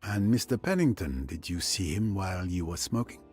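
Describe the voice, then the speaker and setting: Poirot, a low, formal Belgian detective. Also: male voice, animated, a little mellow, soft background music. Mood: courteous. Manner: formal, courteous, measured. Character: fastidious older male Belgian detective, polite. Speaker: detective questioning suspects. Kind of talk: video game voice acting.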